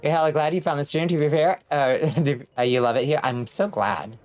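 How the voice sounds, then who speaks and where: A woman's voice: low-pitched, brisk, faint music behind. A woman streaming a video game, chatting casually with viewers and shrieking and swearing when things go wrong. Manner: excitable, screams and swears when in danger. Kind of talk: casual gaming stream chat.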